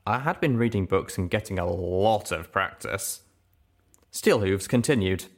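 A man narrating a story in an expressive storytelling manner. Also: low-pitched, moderate pace. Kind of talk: audiobook narration.

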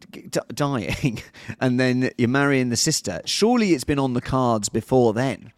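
A man with a Northern English accent, co-hosting a podcast in casual chat, animated and jokey. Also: mid-range voice, normal speed, few pauses, no room sound. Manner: animated, jokey, reads news aloud in bursts. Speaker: podcast co-host.

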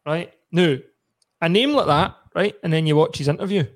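Scottish man, podcast host, slightly high voice, question-led banter. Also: moderate pace. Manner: leads the chat with questions, sweary banter. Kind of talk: casual football chat.

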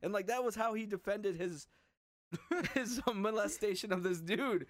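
A man's voice: high voice, measured pace, dry recording, clean studio sound. A man hosting a casual chat with friends, telling a profane story with lots of laughter.

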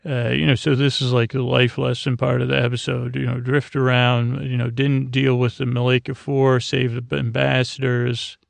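Sleep-podcast host, man, gravelly and monotone, rambling. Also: mid-range voice, no room sound. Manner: meandering, halting, many fillers. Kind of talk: sleepy bedtime episode recap.

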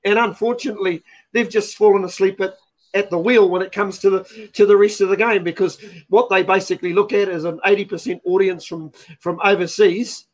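A man's voice: high-pitched, fairly even intonation, a little fast. A man on a rugby chat panel who cuts in and stammers through restarts. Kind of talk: sports chat.

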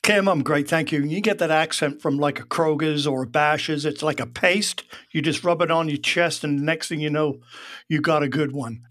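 A man's voice: a little high, normal speed, fairly bright tone. A man, guest on a podcast, explaining insurance points conversationally with a dry, wry sense of humor. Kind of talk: conversational interview.

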